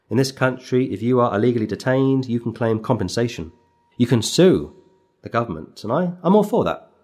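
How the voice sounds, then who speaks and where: A man delivers an expository sermon in a mid-pitched voice. He leans hard on key words and pauses for effect. He calls out verse numbers as he works through the passage. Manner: emphatic, with slow dramatic pauses; reads verse numbers aloud as he goes. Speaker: preacher.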